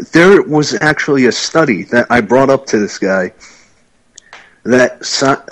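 A man's voice: medium pitch, low-quality recording. A man co-hosting a podcast, telling stories in casual, sardonic banter. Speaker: podcast co-host.

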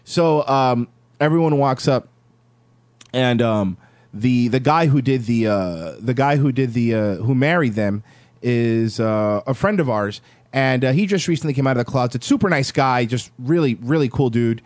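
A man in his thirties, a podcast host telling a story in casual chat, animated and laughing. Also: medium pitch, normal speed, no echo. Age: 30s.

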